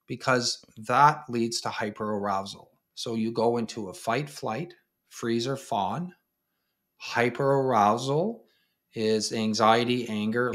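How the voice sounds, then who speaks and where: A man's voice: mid-range voice, a bit bright. A man hosting an interview as a counselor, talking bluntly and straightforwardly and acting out the people he quotes. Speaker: podcast host, counselor. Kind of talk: casual conversational interview.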